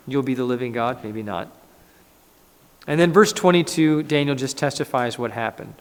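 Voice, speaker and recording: A man, a pastor, preaching a conversational, animated sermon in a church and acting out scripture. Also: on the high side, normal speed. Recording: echoey church hall.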